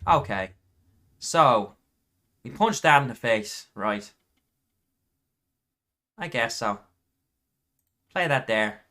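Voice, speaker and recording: A man talking through his own card game as he plays, half to himself, working out moves and counting points. His voice is bright and forceful, sitting at an ordinary middle pitch. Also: lively intonation, extremely slow, long pauses. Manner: thinks aloud, counting points under his breath. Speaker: gaming YouTuber.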